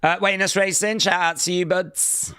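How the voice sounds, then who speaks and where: Bright, excitable male stream host. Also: high voice, normal speed, clear, resonant tone, dry recording, clean studio sound. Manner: excitable, jokey, with sudden loud outbursts. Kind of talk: casual live-stream commentary.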